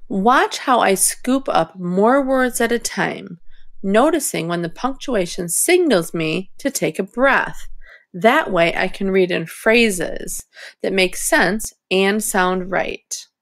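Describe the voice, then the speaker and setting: A woman with a lively, mid-range voice speaks slowly while teaching young readers. She thinks aloud and models reading a story phrase by phrase in this reading lesson for children.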